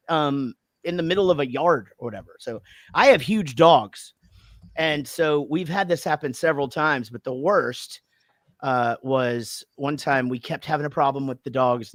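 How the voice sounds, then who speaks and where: A middle-aged man hosting a casual chat, telling stories with lively energy and frequent swearing. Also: medium pitch, dry recording. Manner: animated storyteller who swears freely. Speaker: show host.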